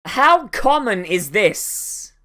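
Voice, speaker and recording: A man's voice: sits high, sing-song, drawn-out words, pushed and bright. Young guy, anime reactor, rambling and sweary, sarcastic asides. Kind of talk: casual reaction commentary.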